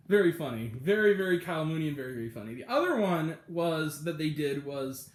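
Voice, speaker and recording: A man talks through his review in a loose, rambling way, with plenty of "like" and "um" and frequent laughter as he acts out quoted lines. His voice sits high and swings widely. The room around him is echoey. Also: animated, fairly quick, few pauses, slight background noise. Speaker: show reviewer. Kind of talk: casual spoken review.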